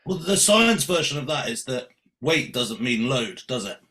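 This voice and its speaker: A man's voice: medium pitch, very animated, normal speed, sharp tone. A man bluntly explaining lifting science in a casual podcast chat. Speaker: podcast co-host.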